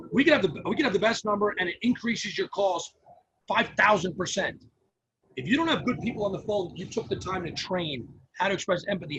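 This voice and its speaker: High-voiced energetic man. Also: a little hiss or hum, rough recording. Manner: energetic, restarts often, acts out caller dialogue. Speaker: podcast guest, phone number company founder. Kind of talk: casual interview talk.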